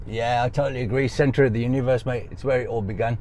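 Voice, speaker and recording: A man's voice: medium pitch, steady tone, fast talker, a little mellow, a little hiss or hum. A man, a racing driver, chatting in a modest, laid-back way with short answers. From England. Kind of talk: casual chat.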